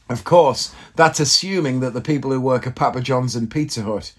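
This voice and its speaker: A man's voice: mid-range voice, slightly rough. A man, likely in his thirties, telling a rambling, self-mocking comic story on his podcast and swearing casually. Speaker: podcast host. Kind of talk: casual comedic monologue.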